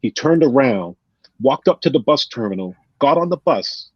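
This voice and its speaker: A man's voice: mid-range voice, moderate pace, slightly rough, dry recording. A man with a New England accent, a podcast guest telling stories in casual chat and acting out what his friends said. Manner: animated, acts out quotes of friends. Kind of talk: casual storytelling. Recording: dull lo-fi sound.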